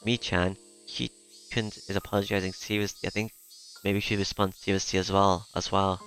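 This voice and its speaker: A gentle teenage girl, soft-spoken and earnest, as a man reads her in a low voice. She presses quietly. Faint music plays underneath. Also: flat delivery, normal speed, rough recording.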